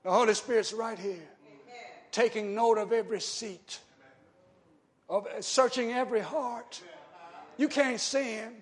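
A male preacher giving a sermon, often asking the congregation short questions and moving between loud shouting and quiet, low talk. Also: fairly even intonation, a little slow, long pauses.

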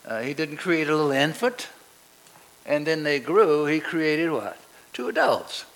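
In a rough recording, a male preacher with a high, sharp voice delivers a sermon. He uses call-and-response, inviting the congregation to complete his sentences as he builds toward emphatic declarations.

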